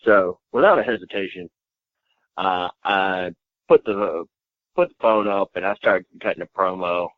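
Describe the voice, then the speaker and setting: A man with a fairly low voice tells a long story in a casual interview, stringing it together with fillers and cheerful cursing. The sound is dull and lo-fi, with a dry, close feel and no room around it. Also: a little slow, no room sound. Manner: rambling, swears freely, filler-heavy. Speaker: wrestler guest.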